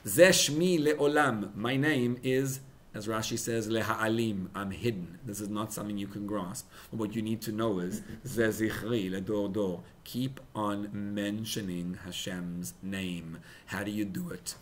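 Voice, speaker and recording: A young rabbi preaching at a farbrengen, emotional, building to loud emphatic peaks and mixing in Hebrew and Yiddish words. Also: male voice, on the low side, fairly even intonation, measured pace, a little hiss or hum. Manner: mixes in Hebrew and Yiddish terms. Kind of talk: sermon at a farbrengen gathering.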